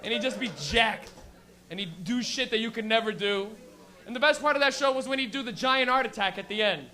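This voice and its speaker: A man with a high voice works a small comedy room. His stand-up is loose and full of swearing, and he jumps into little acted-out bits. He grew up in Canada. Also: a little fast. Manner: loose, profane, animated storytelling with acted-out bits.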